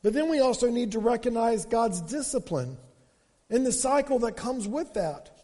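A man's voice: extremely high pitch, animated, normal speed, warm tone, in a large hall. A pastor preaching a sermon, often repeating his opening words as he starts a sentence.

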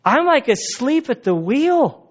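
A man's voice: very high-pitched, big pitch swings, unhurried, highs cut off. A male pastor preaching a sermon in a conversational, storytelling way, full of fillers and restarts.

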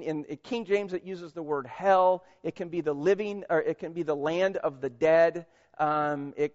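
A middle-aged man preaching a sermon as pastor. His delivery is animated, swinging from loud emphasis to quiet, reflective passages. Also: a little high. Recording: dull audio in a reverberant hall.

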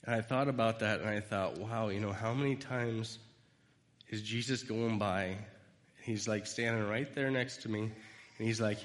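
A man's voice: lowish voice, steady tone, a little slow, big-room sound. A man giving an informal sermon, rambling through personal stories and acting out quoted lines. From United States. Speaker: speaker giving a devotional talk.

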